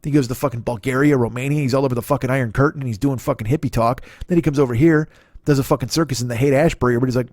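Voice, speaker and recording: A man's voice: mid-range voice, steady tone, racing, darkish tone, no room sound, clean studio sound. A man hosting his own comedy podcast, riffing in a rambling, profane monologue that keeps correcting itself. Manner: profane, digressive, self-correcting.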